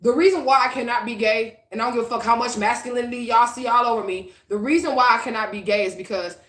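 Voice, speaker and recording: A woman's voice: a little high, steady tone, quick pace, a bit bright, roomy sound. A woman, a psychic reader ranting profanely and combatively to her followers in a vlog. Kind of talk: rambling vlog rant.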